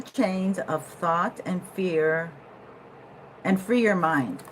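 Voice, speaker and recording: Woman, lower voice, chatty tarot reader, swings between hushed musing and loud laughing outbursts; faint room hum behind. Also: very slow, poor audio. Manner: animated, laughing, swings from low musing to loud excited bursts. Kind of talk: casual tarot reading to camera.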